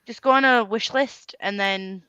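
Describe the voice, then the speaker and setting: A woman's voice: medium pitch, moderate pace, bright, forceful tone. A woman hosting a reading stream, chatting casually and laughing often. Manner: chatty, laughs often, playfully mimics accents. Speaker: reading sprint stream host. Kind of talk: casual chat.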